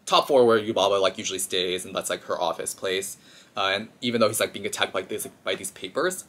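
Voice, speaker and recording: A man chatting casually as a vlogger, recapping a film in an animated, filler-heavy way. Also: on the low side, fast.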